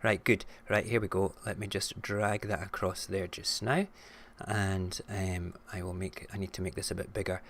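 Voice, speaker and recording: A man's voice: low voice, level tone, moderate pace, hardly any pauses, a bit bright. A Scottish man hosting a live-streamed morning show, chatting and ranting frankly with plenty of swearing. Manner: frank and ranty, swears freely. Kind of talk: casual live-stream chat and rant.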